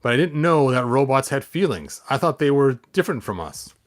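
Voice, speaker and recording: A small male magic sprite complains in a raised, fussy voice, voiced by a man reading a storybook. The pitch sits mid-range and the delivery stays plainly read. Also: very animated, fairly quick, lightly acted. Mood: sheepish.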